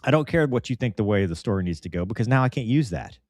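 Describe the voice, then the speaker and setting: A man's voice: fairly low pitch, expressive, fast, a little mellow, no echo, clean studio sound. A man hosting a podcast, chatting casually and animatedly, often mimicking the voices of people he quotes. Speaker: podcast host.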